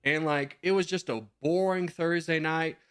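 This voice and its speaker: A man's voice: on the high side, fairly even intonation, moderate pace, a bit bright, clear, resonant tone. A man in his twenties, a streamer in casual chat, giving rambling advice with slang and the odd swear while answering viewer messages.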